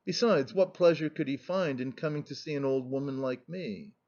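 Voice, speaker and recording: A male narrator reading the lines of a cool, sharp-tongued elderly aristocratic grandmother, on a muffled recording. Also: medium pitch, moderate pace, lightly acted. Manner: cutting, ironic.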